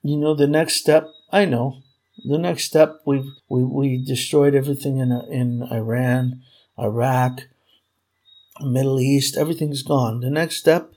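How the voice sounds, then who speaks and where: A man's voice: medium pitch, steady tone, a little slow, darkish tone. A man delivering a furious, profane political rant straight to his audience, repeating himself as he vents. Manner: furious, profane, repetitive ranting. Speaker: vlogger. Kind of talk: angry political rant to camera.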